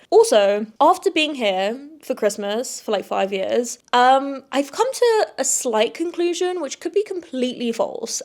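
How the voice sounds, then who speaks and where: A young woman, hosting a casual solo podcast in a chatty, effusive way, repeating words for emphasis. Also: on the high side. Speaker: podcast host.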